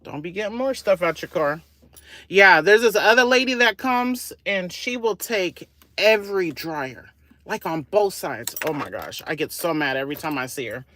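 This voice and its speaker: A woman's voice: fairly low pitch, lively intonation, normal speed. Gossipy woman vlogging from a laundromat. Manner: gossipy, nosy running commentary, often hushed. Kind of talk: casual live-stream commentary.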